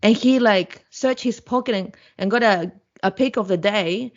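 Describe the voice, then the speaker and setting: A woman guest on a podcast, telling a story in a blunt, profane, animated way. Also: medium pitch, moderate pace, lo-fi sound. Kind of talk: casual storytelling.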